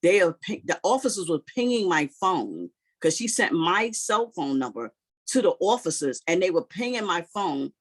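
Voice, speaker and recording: Husky-voiced man telling a story. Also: high-pitched, normal speed. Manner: animated retelling, heavy use of "you know" and "like". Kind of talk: casual personal storytelling.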